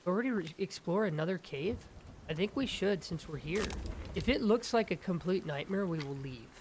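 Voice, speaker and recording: Young male gaming host, excitable let's-play chatter, slightly higher voice, faint background ambience. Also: moderate pace, a little hiss or hum. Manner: excitable, talks to his game companion. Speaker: gaming YouTuber.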